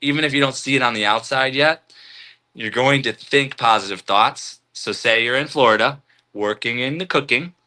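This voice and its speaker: A man hosting a live stream, reading out chat comments and musing in a relaxed, spiritual way, chuckling often. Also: mid-range voice, normal speed.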